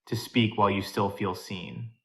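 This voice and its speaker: A man reading as a calm, measured female therapist. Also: on the low side, close to an everyday voice. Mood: calm, intimate. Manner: measured, soft-spoken.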